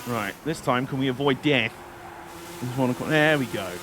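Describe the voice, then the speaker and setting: During a live stream, a man casually commentates a racing game as a let's-play, joking, rambling, and slipping into silly put-on voices while he plays. His voice is mid-range at a moderate pace, over a noisy background.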